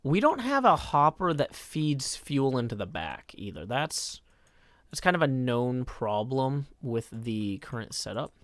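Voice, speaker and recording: A man's voice: medium pitch, big pitch swings, a little slow, a bit bright, no echo. A man live-streaming a game, reading chat messages aloud and answering them in a wry, self-deprecating way.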